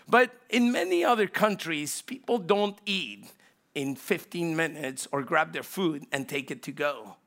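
A middle-aged pastor preaching with a high, bright voice that carries a gravelly edge. He tells stories animatedly, jumping from loud bursts to hushed, close asides. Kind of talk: sermon.

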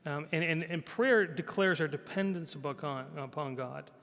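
A male pastor preaching a conversational sermon. He repeats phrases, often asks "right?", and sometimes drops to a soft, quiet voice. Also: a little high, normal speed. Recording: long hall reverb.

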